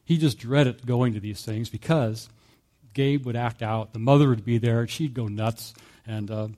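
Man, pastor, warm tone, conversational sermon, chuckles and fillers. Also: medium pitch, moderate pace. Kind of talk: sermon storytelling.

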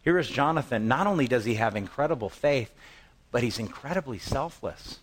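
A man's voice: mid-range voice, animated, a little fast. A man preaching a sermon in a conversational style, telling the story with animation and putting on the voices of the people in it. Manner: conversational, repeats words when restarting. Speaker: pastor.

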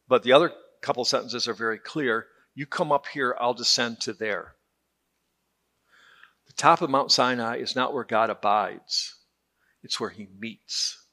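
A man's voice: medium pitch, creaky, sharp tone. A man teaching a Bible class in a conversational, joking way, often repeating words as he restarts.

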